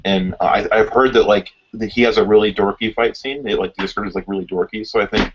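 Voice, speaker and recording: A man in a casual fan discussion, talking quickly and filling his speech with "like". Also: lowish voice, fairly even intonation, background noise. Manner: rapid, lots of "like" fillers. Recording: dull lo-fi audio.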